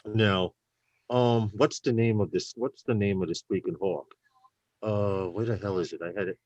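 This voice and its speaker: A man's voice: on the low side, fairly even intonation, moderate pace, darkish tone, no room sound, dull audio. A man co-hosting a casual live talk show, telling stories in a chatty way. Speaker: co-host.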